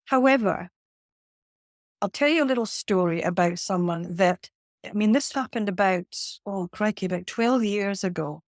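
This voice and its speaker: A woman, a leadership coach telling a lively workplace anecdote as a podcast guest. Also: mid-range voice, normal speed, dry recording, clean studio sound. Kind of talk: conversational storytelling.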